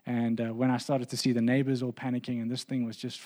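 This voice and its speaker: A man's voice: mid-range voice, little pitch movement, quick pace, dark tone. A man, a pastor, telling a personal story in a sermon, earnest and building to emphatic preaching.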